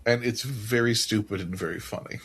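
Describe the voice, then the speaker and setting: A man's voice: on the low side, fairly quick, a bit bright. A man co-hosting a casual podcast, emphatic and wry, swearing freely. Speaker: podcast co-host. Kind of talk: casual chat.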